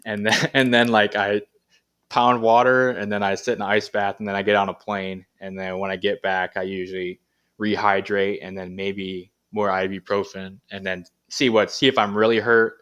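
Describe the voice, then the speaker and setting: Brief: laid-back athlete guest, low voice, casual and rambling. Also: male voice, normal speed, clear, resonant tone. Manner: relaxed, rambling with many fillers. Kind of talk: casual interview chat.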